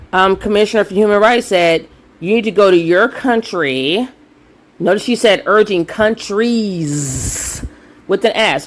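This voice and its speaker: Heated, profane African American woman ranting. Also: medium pitch. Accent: African American English. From United States. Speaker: commentary channel host. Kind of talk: solo commentary rant.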